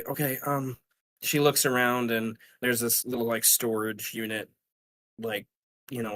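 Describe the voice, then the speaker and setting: A man's voice: on the low side, a bit bright. A man narrating a tabletop role-playing game as game master, rambling with many fillers and restarts.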